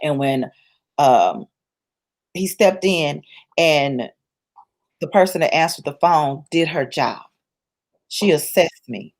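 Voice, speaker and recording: A low-pitched woman with lively intonation speaks slowly, leaving long pauses. She's an interview guest offering personal testimony in a colloquial, church-based manner, building her points through emphasis and repetition.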